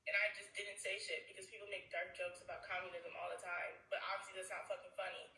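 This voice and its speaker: A woman's voice: medium pitch, fairly even intonation, fast, gravelly, few pauses, bright, forceful tone, roomy sound, recorded from a distance, rough recording. A young woman speaking into a phone, upset and tearful, telling an indignant story and swearing often. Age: young adult. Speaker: store clerk telling her story.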